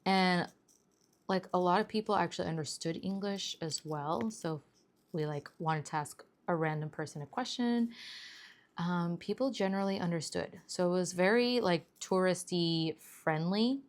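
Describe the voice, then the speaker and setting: A woman's voice: on the low side, normal speed. A young adult woman vlogger telling a travel story in a casual, rambling way, full of fillers and "like". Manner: chatty, rambling, many fillers and "like". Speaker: planner vlogger.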